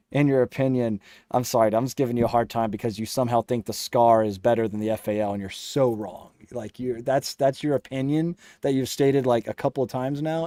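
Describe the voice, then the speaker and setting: Young male streamer, mellow dark tone, close dry mic, teasing and laid-back. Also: mid-range voice, dry recording. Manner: joking, teasing viewers, laughs often. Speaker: livestream host reading chat. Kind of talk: casual livestream chat.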